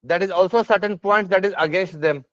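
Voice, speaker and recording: Here a man's high-pitched voice moves fairly quickly in a dry recording as he teaches an exam essay lecture in an Indian English accent. He often pauses to ask "yes or no?" or "is this part clear?", restarting sentences and using lots of fillers with emphatic delivery. Sound quality is dry, a bit dull and lo-fi.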